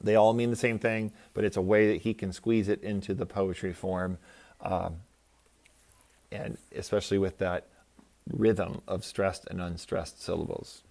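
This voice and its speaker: A man's voice: deep voice, little pitch movement, measured pace, vocal fry, darkish tone. A man teaching a recorded lesson, explaining step by step with patient examples. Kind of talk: recorded classroom lecture.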